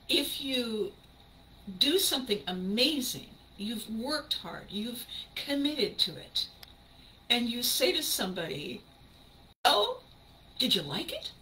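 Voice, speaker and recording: A woman hosting a motivational podcast, animated and emphatic, often laughing and acting out what other people say. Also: medium pitch, a little hiss or hum, low-quality recording. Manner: acts out quoted people in a shifted voice. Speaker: podcast host. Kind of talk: motivational talk.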